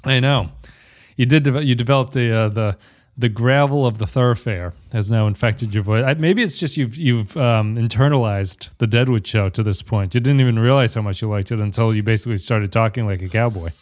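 A man's voice: mid-range voice, brisk, a little mellow. A man hosting a podcast, chatting casually and rambling, often correcting himself mid-sentence. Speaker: podcast host.

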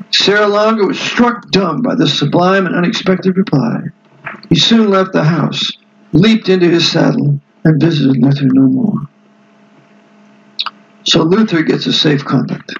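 A man's voice: a little high, measured pace, vocal fry, muffled recording, a little hiss or hum. A man reading a history book aloud to a book club and breaking off into emphatic, digressive asides to his listeners. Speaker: book club reader and host.

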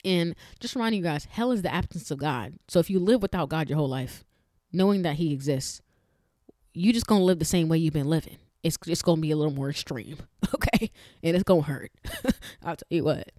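A woman's voice: low-pitched, brisk, mellow, dry recording, clean studio sound. A woman hosting a faith-based podcast, talking earnestly and with emphasis, chatting directly to her listeners with frequent restarts. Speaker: podcast host.

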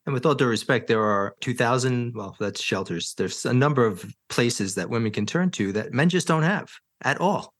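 A male podcast host at a middling pitch who adds short, supportive comments as his guest talks. His delivery is casual and sympathetic. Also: lively intonation, normal speed, few pauses. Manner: supportive, brief backchannel remarks.

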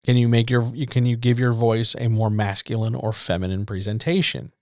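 A man's voice: medium pitch, little pitch movement, moderate pace, darkish tone, dry recording, studio quality. A man hosting a casual writers' chat from a small home room, bluntly lecturing with rhetorical questions. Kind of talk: casual advice monologue. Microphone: decent USB-style desk microphone.

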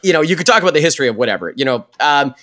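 A man's voice: on the high side, expressive, rapid-fire, fairly bright tone. A man co-hosting a casual sports podcast, talking in loose, filler-heavy chat that turns into mocking, profane rants. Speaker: podcast co-host.

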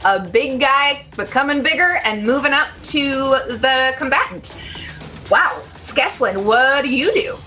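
Slow bright-voiced woman game master. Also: high voice, lively intonation, soft background music. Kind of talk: narrating a tabletop game.

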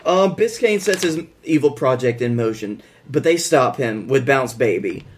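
A man's voice: medium pitch, expressive, normal speed, slight background noise. A man co-hosting a podcast, recapping movie scenes sardonically and mimicking the characters' lines. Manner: sardonic, retells scenes with mock quotes. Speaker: podcast co-host. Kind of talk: casual movie review chat.

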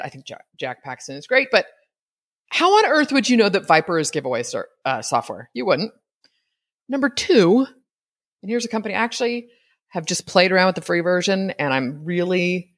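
Speaking into a podcast mic at home, a woman with a lowish voice offers solo commentary on her own show. She's candid, chatty and lively, laughing quickly and tossing in frequent asides. Now and then she stops to spell words out letter by letter.

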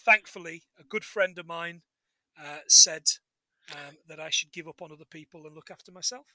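A man co-hosts a casual film recap podcast, rambling, joking, and acting out lines from the movie. His voice is on the high side and sharp, at a moderate pace. The recording is rough, with no room sound.

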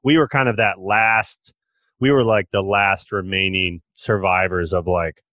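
A man's voice: low-pitched, fairly even intonation, a little slow, dry recording, highs cut off. A man hosting a podcast, chatting in a playful, joking way with many restarts. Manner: playful, jokey, lots of restarts. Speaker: podcast host. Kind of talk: casual interview chat.

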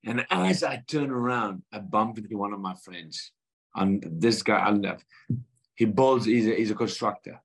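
South african guy in his thirties, kinda low voice, telling a heartfelt story on a podcast, does all the voices himself. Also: moderate pace, gravelly, husky. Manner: earnest, animated retelling with quoted dialogue. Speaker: guest boxer.

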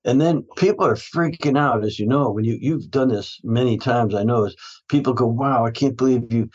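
A man's voice: mid-range voice, moderate pace, a little mellow, lo-fi sound. A man who is a guest in a casual interview, telling stories about his health practice in a rambling way, often restarting his sentences and laughing.

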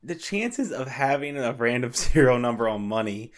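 A man's voice: mid-range voice, animated, normal speed. A man co-hosting a podcast, joking in casual chat and laughing often. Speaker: podcast co-host.

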